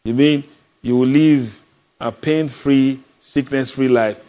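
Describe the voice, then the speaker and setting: A man's voice: medium pitch, fairly even intonation, slow, dark tone. A male preacher, delivering a sermon emphatically, asking the congregation questions and repeating key phrases. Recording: dull lo-fi sound.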